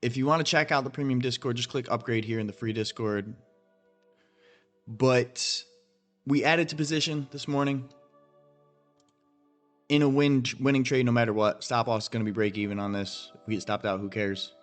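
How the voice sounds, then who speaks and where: A man's voice: mid-range voice, fairly even intonation, normal speed, long pauses, faint music behind. A man hosting a crypto trading channel, talking straight to viewers in a blunt, profane, emphatic rant while he walks through his chart analysis.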